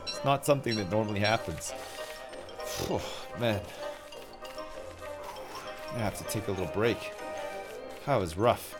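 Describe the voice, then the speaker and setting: A man's voice: on the low side, lively intonation, measured pace, long pauses, over music. A man streaming a survival game live, chatting to his viewers in a joking, self-mocking way and swearing freely. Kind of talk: live gameplay chat.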